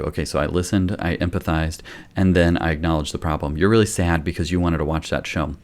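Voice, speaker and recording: A man hosting a live-streamed parenting Q&A, explaining discipline in a calm, gentle way. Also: low-pitched, moderate pace. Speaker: pediatrician and parenting host. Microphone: webcam or phone, live stream.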